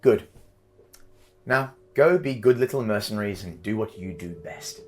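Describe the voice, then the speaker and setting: Casting: male player doing a pompous, menacing otherworldly patron, low and commanding. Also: animated, normal speed, a little mellow, natural voice. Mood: smug.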